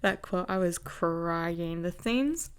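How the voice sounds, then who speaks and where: A woman's voice: lowish voice, lively intonation, takes it slowly, smooth. A young adult woman hosting her own podcast in casual chat, gushing and chatty, laughing often and swearing casually, on a new mic with no windscreen. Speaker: podcast host. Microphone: new desk mic without windscreen.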